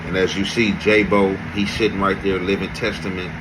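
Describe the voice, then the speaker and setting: A man giving emphatic commentary to viewers in deliberate street talk. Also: sits low, flat delivery, background noise. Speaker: host narrating commentary. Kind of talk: commentary to camera.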